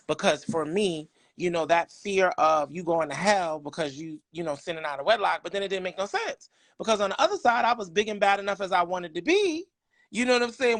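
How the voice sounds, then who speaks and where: A middle-aged man from New York City, a podcast guest telling candid personal stories in an animated, emphatic way. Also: high voice, no room sound.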